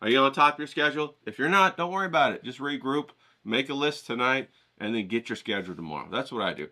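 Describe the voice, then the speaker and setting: A middle-aged man rambling casually to his viewers, profane and animated, acting out the voices of the people he quotes. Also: mid-range voice, quick pace. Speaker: vlogger painting outdoors.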